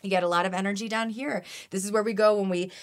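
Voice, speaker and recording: A woman's voice: mid-range voice, steady tone, fast talker. A woman guest on a podcast, talking earnestly and animatedly about energy healing, often restarting her sentences. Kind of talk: conversational interview.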